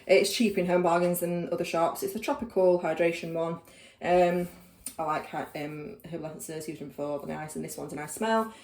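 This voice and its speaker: A woman's voice: on the low side, a little fast, darkish tone, echoey room, a little hiss or hum. A young woman, chatting casually to camera in a rambling vlog, full of fillers and asides. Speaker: vlogger. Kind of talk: casual chat.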